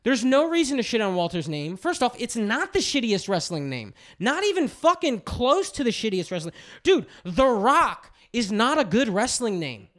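Guy hosting a podcast, swoops all over in pitch, rants and swears a lot. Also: moderate pace, few pauses. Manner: animated, profane ranting. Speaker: podcast host. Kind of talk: casual podcast chat.

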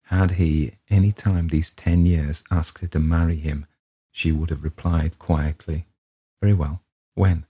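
Man, narrator, deep voice, dark tone, measured audiobook reading. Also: little pitch movement, husky. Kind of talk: audiobook narration of a classic ghost story.

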